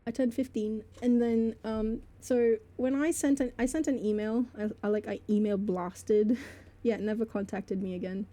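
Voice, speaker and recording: A woman streamer talks to her chat in a loose, rambling way, full of fillers, with laughs between phrases. Her voice sits fairly high but sounds mellow and soft-edged, close on a desk microphone. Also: steady tone, normal speed. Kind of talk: casual storytelling to a live chat.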